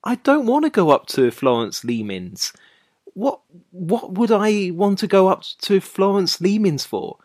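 A woman's voice: medium pitch, sing-song, unhurried, a little mellow, no room sound, studio quality. A woman voicing an anxious young man who pleads and grows exasperated in a dramatized story. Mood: pleading. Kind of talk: dramatized short story reading.

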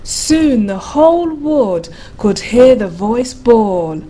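A woman reading a rhyming bedtime picture book aloud in a slow, rhythmic way. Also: fairly high pitch, big pitch swings, mellow. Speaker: narrator.

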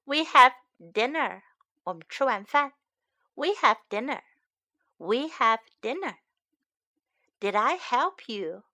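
Casting: a high, bright woman reading a storybook aloud to kids, very slow and clear. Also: lively intonation. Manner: slow, clear, gentle, repeating phrases. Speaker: storyteller and English teacher for children.

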